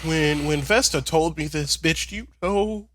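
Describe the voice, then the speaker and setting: A man co-hosting a podcast in casual chat, sassy and expressive, with quick asides. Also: a little high, faint music behind. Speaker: podcast co-host.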